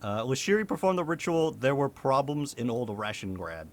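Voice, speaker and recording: Young male streamer, loose chatty commentary, laughs and swears, pitch swings a lot. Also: big pitch swings, normal speed. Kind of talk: casual gameplay commentary.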